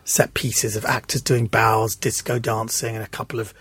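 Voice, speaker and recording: A man, a comedian guest, telling anecdotes in an animated way in casual chat and acting out the voices he quotes. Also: lowish voice, normal speed, slightly rough, no echo.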